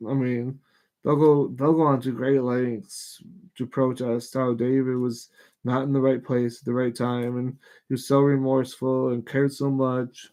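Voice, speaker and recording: A man of middle pitch reads scripture aloud at a live show. He stumbles over names, restarts phrases and breaks in with frank, irritated asides before going back to the text. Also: flat delivery, darkish tone. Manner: reads passages aloud haltingly, stops to comment. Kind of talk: casual Bible reading and commentary.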